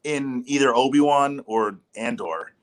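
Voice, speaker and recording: Brief: male co-host, New York accent, mid-pitched, loose and filler-heavy. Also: unhurried, low-quality recording. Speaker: podcast co-host. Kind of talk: casual chat about TV shows.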